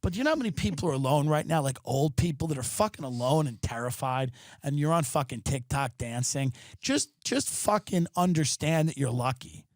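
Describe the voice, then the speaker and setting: A man's voice: a little high, animated, a little fast, hardly any pauses, no room sound, studio quality. A man hosting a podcast, delivering an exasperated, profane comedic rant from his apartment. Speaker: podcast host. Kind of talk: ranting comedic monologue.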